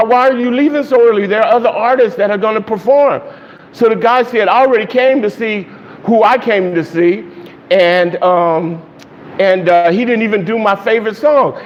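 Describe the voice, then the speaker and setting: A man's voice: high-pitched, normal speed. A man, a pastor, animatedly telling a funny dream story to his congregation, laughing and acting out the crowd. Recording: long reverb, dull lo-fi sound, faint noise.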